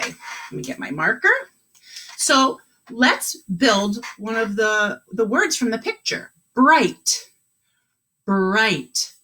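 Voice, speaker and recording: A woman teaching an online kindergarten class, sounding words out slowly and encouraging the children. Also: medium pitch, fairly bright tone, husky.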